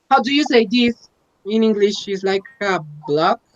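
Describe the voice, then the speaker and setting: A man studying English in an online class, speaking haltingly and searching for words. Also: high-pitched, animated, no echo. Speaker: English student. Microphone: video call. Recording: dull, dry video-call audio.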